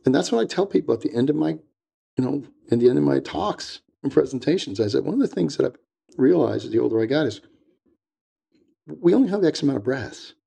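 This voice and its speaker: A man's voice: mid-range voice, lively intonation, a little fast, vocal fry, dark tone, breathy edge. An older man talking earnestly about family and faith as a podcast guest. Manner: earnest, reflective, storytelling. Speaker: guest speaker. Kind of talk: casual podcast conversation.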